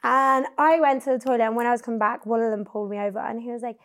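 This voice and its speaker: Young British woman podcast host, slightly high voice, loose, sweary storyteller. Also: fairly even intonation, rapid-fire, a bit bright. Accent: British English. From England. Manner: chatty, swearing, storytelling with a teasing bluff. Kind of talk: casual chat.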